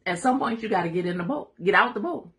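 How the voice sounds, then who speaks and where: Lively woman teaching a Bible study. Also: mid-range voice, quick pace. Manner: lively, call-and-response preaching with laughs and asides.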